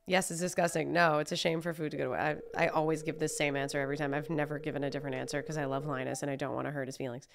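Gravelly, jumpy woman gaming streamer. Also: low voice, very fast, few pauses. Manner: jumpy, excitable, swears, laughs a lot. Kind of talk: live gameplay commentary.

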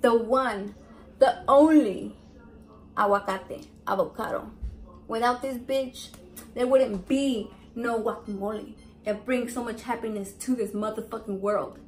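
A woman's voice: a little high, unhurried. A woman filming a casual cooking vlog in her home kitchen, brash and swearing constantly, slipping into Spanish. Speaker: cooking vlogger. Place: home kitchen with family around. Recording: noisy kitchen recording.

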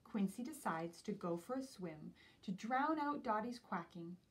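A woman teacher reading a picture book aloud to young children in an expressive storytelling voice. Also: mid-range voice, unhurried, far from the mic. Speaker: preschool teacher.

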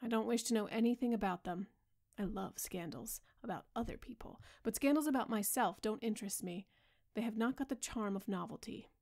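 A woman reads a petulant young gentleman, airy and bored. The delivery is soft and unhurried for a sleep story, with a gravelly edge to the voice. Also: on the high side. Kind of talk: bedtime audiobook reading.

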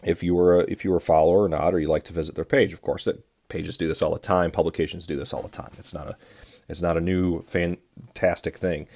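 A man's voice: deep voice, little pitch movement, quick pace, darkish tone. A man hosting a solo podcast, talking in an earnest, preachy way and often restarting his words. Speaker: podcast host.

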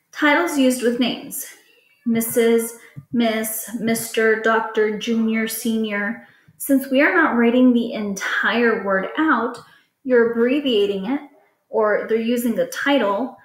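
Woman teacher explaining in an echoey room. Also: on the high side. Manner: patient, plain explaining to children. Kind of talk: recorded classroom lesson.

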